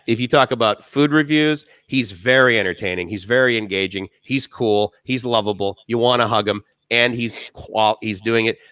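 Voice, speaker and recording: A talkative man chats enthusiastically on a live stream and tells animated stories. His voice is low but bright and forceful, and the recording is dry and close. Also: no room sound. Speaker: co-host. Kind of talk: casual live-stream chat.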